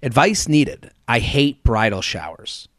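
A man hosting a podcast in casual chat, animated and jokey, reading listener emails aloud. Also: mid-range voice, unhurried, no echo, clean studio sound. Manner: animated, jokey, puts on comic voices. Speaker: podcast host.

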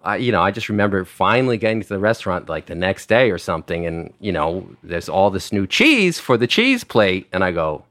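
A middle-aged man with a deep, low-pitched voice spins a long anecdote, circling back with fillers and restarts. The sound is dry and close, with no room around him. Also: fairly quick, hardly any pauses, dry recording. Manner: rambling, animated anecdotes with many fillers and restarts. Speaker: wine director telling restaurant stories. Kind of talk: casual podcast storytelling.

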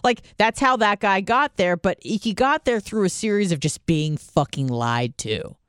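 A man's voice: sits high, a little slow, smooth, dry recording, studio quality. A man in his thirties hosting a call-in show, chatting casually with lots of swearing and big swings in delivery. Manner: animated, swearing, laughs at his own stories. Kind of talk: casual profane call-in chat.

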